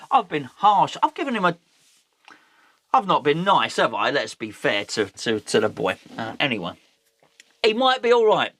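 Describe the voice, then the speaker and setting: A man's voice: on the high side, a bit bright, no echo. A man hosting a fan channel, talking football in a rambling, jokey way that keeps correcting itself. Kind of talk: casual football chat.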